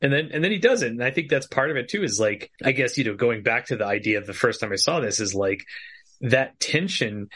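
A man with a husky, slightly breathy voice talking casually about a film. He is animated and acts out his own reactions, swearing freely as he goes. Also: medium pitch, brisk. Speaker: podcast co-host discussing a film. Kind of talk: casual chat.

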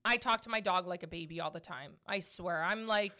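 A woman in her thirties hosting a podcast, answering questions in a chatty, animated way. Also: on the low side, a little fast. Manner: chatty, animated, laughs often. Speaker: podcast host. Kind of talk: casual podcast Q&A chat.

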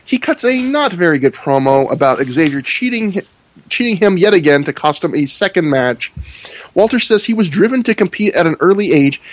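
A podcast co-host with a high-pitched, expressive voice chats casually about wrestling reviews at a moderate pace, wry and sarcastic and laughing often.

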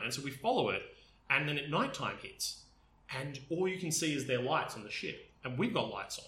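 A man with a very bright, forceful voice talks enthusiastically in a casual chat, piling up fillers as he tells his stories. The room is roomy and echoey around him. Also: mid-range voice, sing-song, brisk. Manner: enthusiastic, storytelling with many fillers. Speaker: podcast co-host. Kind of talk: casual chat about games. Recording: roomy echo.

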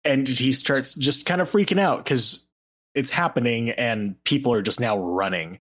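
A man's voice: medium pitch, moderate pace, fairly bright tone. A man playing a tabletop role-playing game, thinking aloud in a loose way with many fillers. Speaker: player.

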